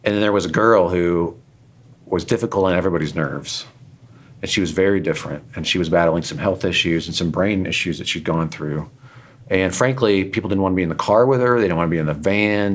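Low-voiced man telling earnest stories. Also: fairly quick. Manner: earnest, self-deprecating, rambling with restarts. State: emotional, choked up in places. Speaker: interview guest, author and radio host. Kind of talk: candid personal storytelling.

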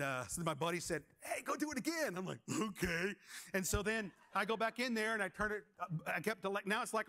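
A man's voice: high voice, bright, forceful tone. A man preaching a sermon as pastor, asking the congregation questions and telling stories from his own life.

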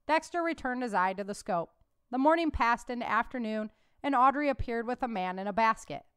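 A woman author reading her own novel aloud in an even, measured way, then talking about the book. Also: fairly high pitch, smooth, no echo, studio quality. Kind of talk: audiobook narration and conversational commentary.

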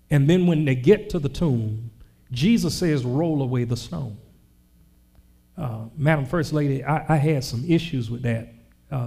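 Man, pastor, sermon, slow dramatic reading, gravelly dark voice, comic asides. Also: medium pitch.

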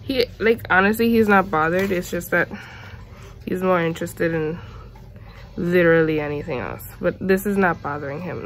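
A woman vlogging at home, chatting casually to the camera and switching to high coaxing baby talk with her dog. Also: slight background noise.

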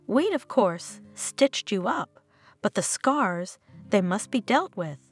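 A woman voicing a calm, frank male hospital doctor in an audio story, speaking matter-of-factly. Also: medium pitch, takes it slowly, slightly rough, soft background music, exaggerated voice. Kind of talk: storybook narration.

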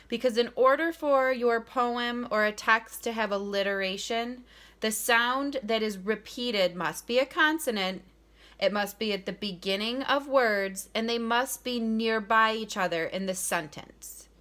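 A woman teacher talks to young children in a clear, bright voice, taking her time over each point. She stresses key words and says them again so they sink in. Her pitch sits in an ordinary middle range. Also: unhurried. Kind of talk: recorded classroom lesson for children.

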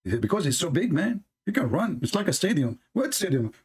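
A man hosting a religious debate show, speaking in a sarcastic, mocking way and reading texts aloud slowly. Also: sing-song, slightly rough. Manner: sarcastic, reads texts aloud slowly, mimics opponents in a high voice.

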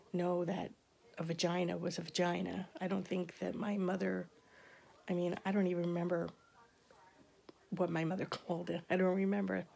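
A woman in her fifties telling a family story in casual chat, laughing often and slipping into soft, half-whispered asides. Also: on the low side, creaky. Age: 50s. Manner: chatty, laughs often while reminiscing. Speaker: vlogger.

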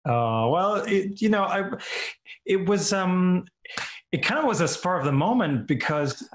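A man's voice: sits high, sing-song, unhurried, echoey room. A man from Argentina being interviewed as an actor guest, chatting casually and animatedly, laughing often and restarting his phrases.

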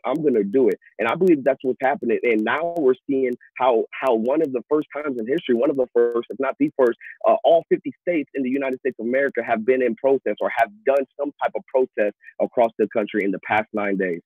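A man's voice: medium pitch, husky, dry recording. A man, a pastor, talking earnestly on a show and often repeating and restarting his words. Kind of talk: casual talk show discussion. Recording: tinny phone-like audio.

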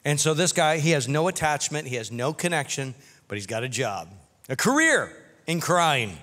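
A man's voice: fairly high pitch, very animated, moderate pace, sharp tone, in a large hall. A man preaching a sermon as pastor, talking in a conversational way and stopping for humorous asides.

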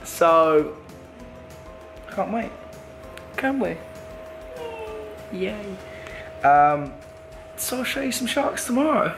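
A man's voice: high-pitched, very animated, drawn-out words, long pauses, over music. A young man with an English accent, chatting casually to camera in a joking travel vlog. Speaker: vlogger.

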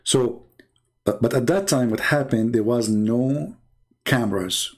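A man's voice: mid-range voice, measured pace. A man telling a joking, sarcastic story in a rambling way. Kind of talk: mocking storytelling.

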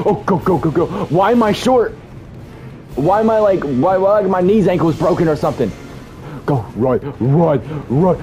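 Over music, a gamer with a fairly high, expressive voice commentates a horror game at normal speed, pausing often. The young man talks to himself in this let's-play, cursing and panicking at the scares.

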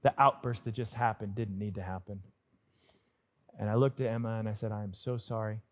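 A man pastor preaching a sermon in an earnest, personal storytelling way, swinging between lively stretches and hushed ones. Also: fairly low pitch, brisk.

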